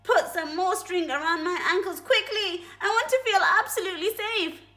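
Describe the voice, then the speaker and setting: Woman doing a shrill nasty old lady. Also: normal speed, sharp tone. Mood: fussy. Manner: shrill, panicky cries.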